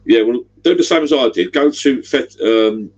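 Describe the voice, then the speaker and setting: On his livestream, a middle-aged host rambles chattily and hands out directions. His mid-range voice moves at a normal speed, and the recording has its highs cut off.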